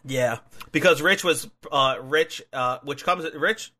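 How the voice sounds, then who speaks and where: Male podcast co-host, bright tone, rambling filler-heavy delivery. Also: a little high, slow pace. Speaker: podcast co-host reviewing wrestling matches. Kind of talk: casual chat.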